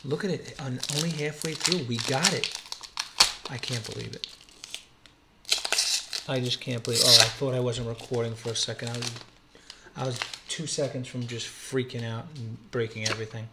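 In a very noisy recording, a man with a mid-range voice and level tone opens card packs in a quiet room at home. He talks at normal speed, calling out each card for his channel and exclaiming with excitement over a rare pull.

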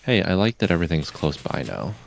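Deep-voiced man grumbling dryly over a game. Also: sing-song, brisk, vocal fry. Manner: dry, grumbling remarks about the game. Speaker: co-player on a game stream. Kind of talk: casual game chat.

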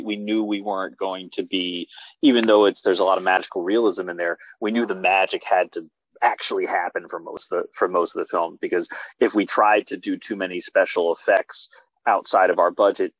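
A man, a filmmaker guest, telling stories in a casual video-call interview with animated restarts. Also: low voice, breathy edge, dry recording. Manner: animated storytelling with many restarts. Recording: dull lo-fi video call audio.

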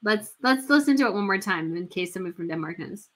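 A woman hosts a casual livestream and talks in a bright, clear voice at a middle pitch. She gushes, chats freely and keeps restarting her sentences with fillers, as if thinking out loud for her viewers. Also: expressive, fairly quick. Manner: gushing, chatty, many fillers and restarts. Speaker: royal news livestream host.

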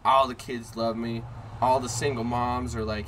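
Male podcast host, bright and punchy, sarcastic profane storyteller, mid-pitched, faint background noise. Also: steady tone, unhurried. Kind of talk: casual storytelling chat. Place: in a car.

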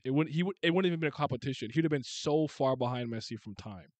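A man hosting a casual sports chat, blunt and animated, swearing freely and restarting his sentences. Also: medium pitch, fast, no room sound.

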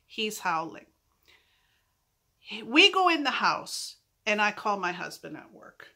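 Slow-talking, bright-voiced woman telling a story. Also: medium pitch. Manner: animated, self-mocking storytelling. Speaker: vlogger. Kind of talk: storytime vlog.

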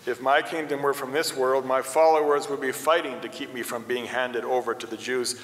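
A man reading as a calm, solemn prisoner. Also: medium pitch, a little fast, lightly acted. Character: calm, steady accused prophet. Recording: echoey church hall.

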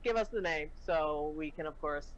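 La woman doing improv, wry quick comebacks, laughing a lot. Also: sits low, lo-fi sound. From Los Angeles. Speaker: improv comedy host. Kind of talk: improvised comedy scene.

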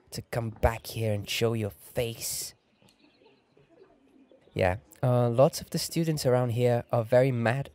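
A young man hosting soft-spoken game commentary, talking gently and relaxed with chuckling asides. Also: mid-range voice. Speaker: gameplay host.

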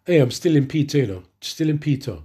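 A man delivers a sermon, reading scripture verses slowly before preaching with emphatic rises in his voice. He pitches on the high side, with lively intonation, a dark tone and a breathy edge.

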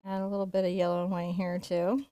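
A woman teaching a live-streamed painting lesson, chatty and playful, going quiet while she concentrates. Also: lowish voice, level tone, fast talker, no echo. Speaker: painting instructor.

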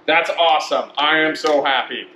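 An upbeat man hosts a casual chat, thanking supporters with quick asides. His voice is bright and forceful, a little high. It is recorded in an echoey room with faint noise.

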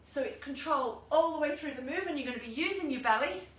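This fitness instructor sounds high-pitched and animated, moving at a quick pace as she runs an online exercise class full of upbeat cues, countdowns and chatty side comments. She's in a room at home, a dog somewhere nearby. Her voice comes from a distance in an echoey space, with some faint noise in the recording.

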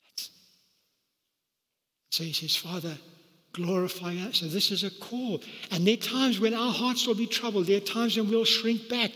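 A man delivers a sermon in a high-pitched voice. He preaches with animated energy and leaps into a higher register to act out the quoted lines. The sound rings with the long reverb of a large church hall. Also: moderate pace. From South Africa. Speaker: pastor.

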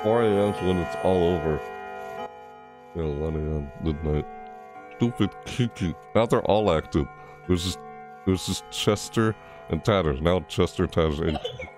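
With music in the background, a man with a low voice hosts a horror game let's play at normal speed, pausing often. This gaming channel host grumbles at the game and yelps and cries out when startled.

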